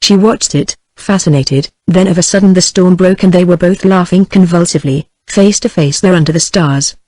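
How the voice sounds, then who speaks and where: A woman's voice: on the low side, moderate pace, no room sound. Synthetic British woman narrating a novel. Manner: even, synthetic text-to-speech reading. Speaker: audiobook narrator. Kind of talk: scripted narration.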